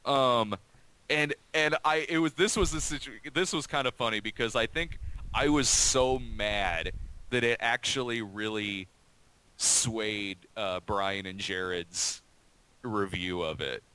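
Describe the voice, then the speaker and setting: A man's voice: lowish voice, slow, bright, forceful tone, clear, resonant tone, low-quality recording. A man hosting a casual stream chat, talking in a profane, rambling way with many restarts.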